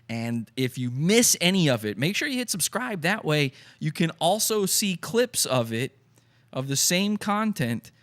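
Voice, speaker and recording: Bright-voiced sarcastic male stream host. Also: mid-range voice. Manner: sarcastic, mock-sincere, deadpan. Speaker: podcast host reading super chats. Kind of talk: sarcastic comedic livestream chat.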